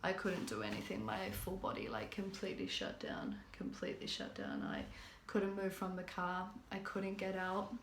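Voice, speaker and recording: A woman's voice: on the low side, animated, normal speed, creaky, slight background noise. A young woman from New Zealand, a vlogger telling a personal story in casual talk, full of fillers and restarts. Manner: rambling, many fillers and restarts. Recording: roomy echoey room.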